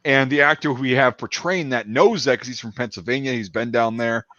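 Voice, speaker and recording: A man's voice: medium pitch, fairly quick, bright, forceful tone, dry recording, dull audio. A man talking casually about his film production, rambling with many fillers and restarts. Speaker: filmmaker discussing his production. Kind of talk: casual podcast chat.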